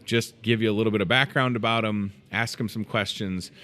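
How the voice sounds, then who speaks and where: A man in his thirties hosting a live morning show from inside a grocery store, chatty and excitable with joking asides. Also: on the low side, a little fast. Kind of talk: casual live show chat.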